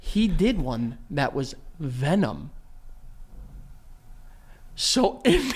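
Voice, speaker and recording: A man's voice: high-pitched, fairly bright tone. A man in his thirties co-hosting a podcast, telling comedic stories, acting out quotes and laughing through them. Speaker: podcast co-host. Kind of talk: animated comedic storytelling.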